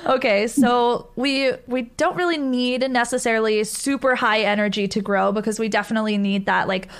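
A woman's voice: fairly high pitch, fairly even intonation, normal speed, clean tone. A woman hosting a casual interview, upbeat and encouraging as she asks questions. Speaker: host, interviewer.

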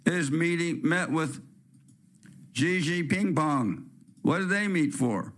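A Californian talk-radio host, his voice on the high side with a fairly bright tone, delivers a blunt, rambling, opinionated rant as a monologue.

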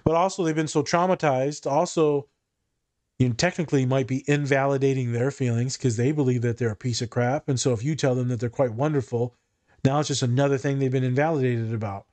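A man's voice: medium pitch, darkish tone. Male therapist-host, frank and foul-mouthed, loose joking delivery. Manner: blunt, profane and joking. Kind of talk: casual podcast chat.

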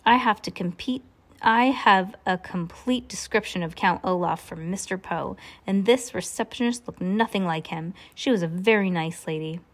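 A woman's voice: mid-range voice, moderate pace, lightly acted. Woman voicing a bossy male mill boss, curt, impatient, barking, storybook reading.

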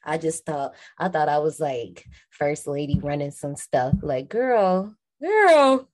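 A woman's voice: deep voice, steady tone, unhurried, dark tone. A woman in her twenties, a podcast co-host, recapping a film in casual, slangy chat and laughing often.

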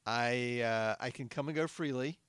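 A man's voice: mid-range voice, normal speed, a bit bright, clear, resonant tone, dry recording, clean studio sound. A man co-hosting an improvised comedy podcast, eager and flustered with frequent giggles. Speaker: co-host.

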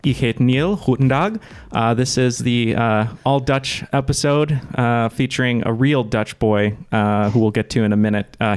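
A man's voice: fairly low pitch, darkish tone, smooth. A man hosting a casual trivia podcast, rambling with lots of fillers and laughing at himself. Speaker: podcast host.

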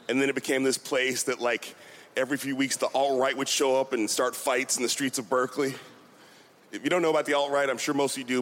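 A man performing a stand-up comedy set, telling animated stories and mocking voices. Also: medium pitch. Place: comedy venue with a live audience. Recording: loud crowd and noise.

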